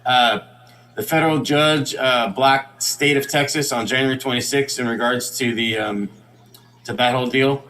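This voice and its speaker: A man's voice: medium pitch, steady tone, normal speed, pushed and bright. A man hosting a round table, rambling and hesitant with many fillers. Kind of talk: casual chat and joke telling.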